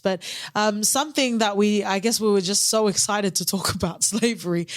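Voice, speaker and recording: A woman co-hosting a podcast in casual chat, candid and animated, who swears casually. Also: mid-range voice, no echo, studio quality. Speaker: podcast co-host.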